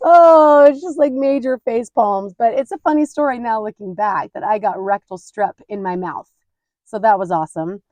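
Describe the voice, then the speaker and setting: Candid, animated woman podcast host. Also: on the high side, a little slow, no room sound. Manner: animated, candid, laughs at her own mishaps. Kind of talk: casual storytelling.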